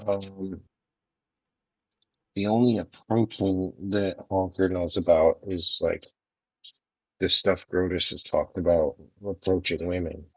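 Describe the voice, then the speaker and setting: A man's voice: sits low, steady tone, slow, long pauses, dry recording. A man playing a naive, rambling character in a tabletop game. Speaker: player. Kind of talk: tabletop role-play, in character. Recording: dull lo-fi mic.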